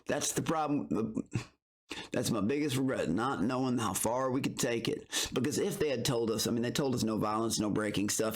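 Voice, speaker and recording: A man streaming his reactions to recaps, talking in a rambling, heated and profane way. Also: on the low side. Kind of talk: casual reaction commentary.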